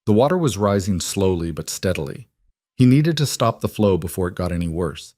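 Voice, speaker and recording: Male audiobook narrator; low, measured storytelling, dry studio sound. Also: big pitch swings, a little mellow, no room sound. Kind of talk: scripted narration.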